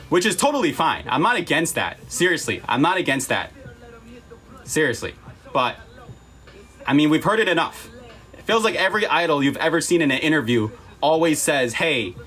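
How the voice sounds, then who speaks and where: A man's voice: a little high, a bit bright. A man talking earnestly on a livestream, emphatic and apologetic, repeating himself and close to tears.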